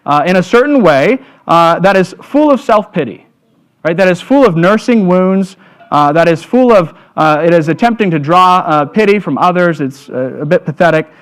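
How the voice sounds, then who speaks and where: A man speaks at a church Lenten supper, reflecting on a passage in a halting, conversational way. His voice sits a touch high, and he keeps checking in with "right?" between thoughts. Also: lively intonation, clean tone. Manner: halting, many "uh"s and "right?" tags. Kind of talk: lenten devotional talk.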